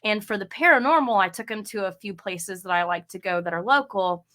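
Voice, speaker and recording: A woman's voice: mid-range voice, a little fast, pushed and bright. A middle-aged woman guest on a podcast, telling stories in casual conversation and acting out the quotes. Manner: chatty storyteller, acts out quotes. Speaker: podcast guest, haunted house reviewer. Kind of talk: casual interview chat.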